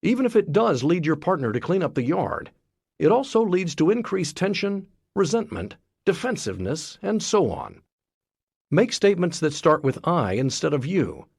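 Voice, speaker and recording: A man reading a self-help book aloud as scripted narration, in a lively, expressive way. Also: a little high, normal speed, gravelly, slightly rough, no echo, studio quality. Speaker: audiobook narrator.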